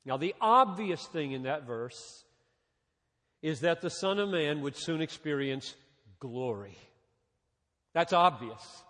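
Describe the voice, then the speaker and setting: Slow-preaching pastor in a reverberant hall. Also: male voice, a little high, lively intonation. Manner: preaching with dramatic pauses, dropping soft then rising. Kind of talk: sermon. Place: large church hall.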